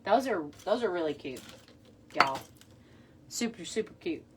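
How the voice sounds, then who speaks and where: A woman's voice: fairly low pitch, expressive, measured pace, very noisy. A woman hosting a craft tutorial, chatting casually and thinking aloud as she works. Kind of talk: casual how-to demonstration.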